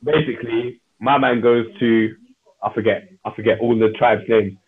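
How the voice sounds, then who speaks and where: A man, co-hosting a casual chat and retelling a TV episode in animated slang. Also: medium pitch, normal speed. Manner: animated storyteller acting out scenes in slang. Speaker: podcast co-host. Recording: husky voice over a tinny phone-like line.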